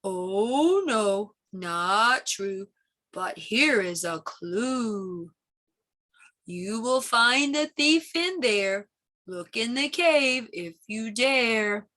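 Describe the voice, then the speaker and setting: A woman voicing a slow, secretive turtle in a children's story read-aloud, with a hushed, breathy delivery. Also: fairly high pitch, animated, exaggerated voice. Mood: mysterious. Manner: slow and mysterious.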